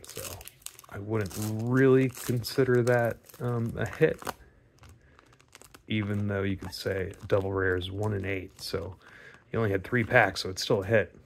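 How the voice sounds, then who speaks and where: A man's voice: lowish voice, fairly even intonation, unhurried, gravelly, slight background noise. A man casually commenting as he opens trading card packs, chatty and laid-back with joking asides. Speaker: card-opening video host. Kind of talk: casual pack-opening commentary.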